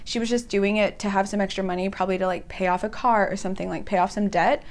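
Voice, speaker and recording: A chatty vlogger in her twenties talks straight to camera, telling stories loosely and quickly with "like" sprinkled throughout. Her middle-pitched voice jumps up animatedly whenever she quotes her own past reactions.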